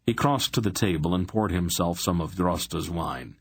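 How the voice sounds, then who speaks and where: Gravelly deep male audiobook narrator. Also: moderate pace, few pauses. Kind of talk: scripted narration.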